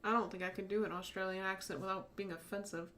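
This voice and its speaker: A woman's voice: mid-range voice, steady tone, fast, fairly bright tone, slight background noise. A young woman casually commenting while she plays a story game, giggling often and gushing over the characters. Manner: giggly, playful, gushing asides. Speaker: let's-play streamer. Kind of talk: casual game commentary, reading dialogue aloud.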